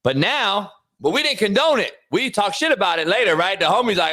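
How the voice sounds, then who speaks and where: A man hosting a talk show who argues in a casual, profane rant, rising into loud outbursts as he makes his points. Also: sits high, a little fast. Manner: animated, profane ranting with sudden loud outbursts. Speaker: show host, former coach.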